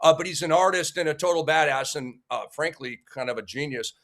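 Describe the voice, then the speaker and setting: A male talk-show host with a higher-than-usual voice and a head cold. He rattles off guest credits with upbeat, teasing energy, full of fillers and quick restarts. The talk is casual and animated throughout. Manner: enthusiastic, jokey, with frequent fillers and restarts. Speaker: sports debate show host.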